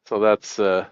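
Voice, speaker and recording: A man's voice: on the low side, gravelly, no room sound, highs cut off. A middle-aged man hosting a casual live stream from home, rambling and laughing often as he shows things off. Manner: chuckling, rambling, lots of laughter. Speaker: host.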